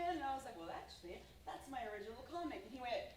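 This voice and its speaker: A woman comic artist tells a lively panel story, acting out her customers in a high, animated voice. She sounds distant in an echoey room. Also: fast, hardly any pauses. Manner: lively, acts out quoted customers. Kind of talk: convention panel anecdote. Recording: echoey room, far from mic, faint noise.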